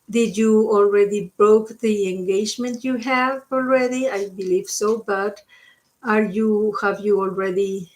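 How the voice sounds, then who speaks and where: A woman doing live-stream psychic card readings, giving coaching advice and often checking in with the listener. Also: medium pitch. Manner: coaching, checks in with frequent "okay?"; switches between English and Spanish.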